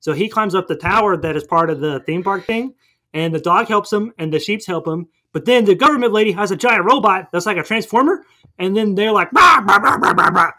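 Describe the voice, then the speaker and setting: A man casually recapping a cartoon movie for laughs, acting out squeaky voices as he goes. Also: a little fast, sharp tone. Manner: goofy, acts out cartoon voices in his retelling. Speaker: podcast co-host.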